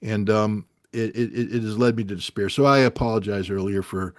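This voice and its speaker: A man's voice: on the low side, fairly even intonation, normal speed, no echo, clean studio sound. A man speaking with frustration and emphasis on a talk show, often restarting his sentences. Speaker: guest commentator. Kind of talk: impassioned talk show discussion.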